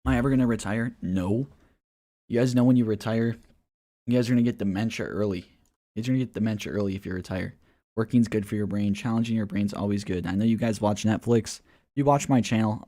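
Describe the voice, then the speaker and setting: A man with a fairly low, warm voice hosts a laid-back crypto livestream, answering questions and speaking right to his viewers, whom he often calls guys. Now and then he veers into a mocking rant with scoffing laughter.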